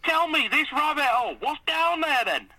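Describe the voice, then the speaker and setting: A man putting on a voice as a cheerful caller with a Manchester accent, slow and high, through a phone line. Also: lively intonation, pushed and bright, full character voice. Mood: cheery.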